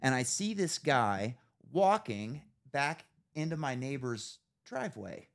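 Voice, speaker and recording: A man's voice: medium pitch, very animated, slow, gravelly. Profane, storytelling male podcast host. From Idaho. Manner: profane storyteller, acts out his own reactions. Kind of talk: casual podcast chat.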